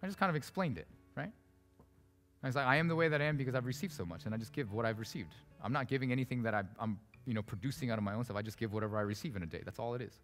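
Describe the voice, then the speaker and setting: Fast-talking, bright-voiced male pastor. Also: mid-range voice. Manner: animated storytelling, conversational and emphatic. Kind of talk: sermon. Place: church sanctuary. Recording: preached in a reverberant hall with soft guitar behind.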